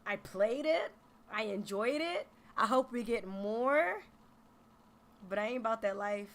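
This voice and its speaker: A woman in her thirties streaming about games in a casual, animated, profane way. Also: fairly high pitch, a little slow. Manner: animated, profane, emphatic, slangy. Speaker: gaming streamer. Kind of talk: casual livestream reaction.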